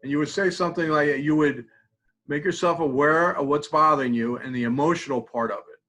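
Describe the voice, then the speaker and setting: A middle-aged man teaching a mindfulness tapping exercise in a classroom, talking conversationally and repeating phrases softly as he demonstrates. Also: fairly high pitch, a little fast, faint music behind, poor audio. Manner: conversational, repeats phrases while demonstrating, drops to quiet murmurs. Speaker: mindfulness instructor.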